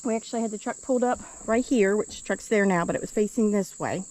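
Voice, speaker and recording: A woman's voice: mid-range voice, fast, darkish tone, poor audio. A woman vlogger telling a story outdoors in the woods by a truck, casual and hesitant, with lots of ums. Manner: hesitant, with many ums and uhs.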